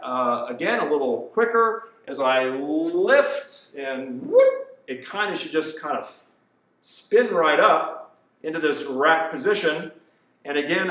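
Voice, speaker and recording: A man working as a fitness trainer, calmly cueing a kettlebell routine step by step. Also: fairly high pitch. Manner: cueing movements step by step, slow and deliberate. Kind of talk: instructional exercise demonstration. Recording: echoey room, voice from far off.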